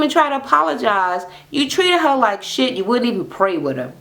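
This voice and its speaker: A woman's voice: on the high side, moderate pace, vocal fry, hardly any pauses. A woman ranting casually about a reality show, sassy and swearing freely, acting out what people said. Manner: animated, sassy, swears freely, acts out quotes. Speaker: reality TV recap vlogger. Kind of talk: casual profane recap rant.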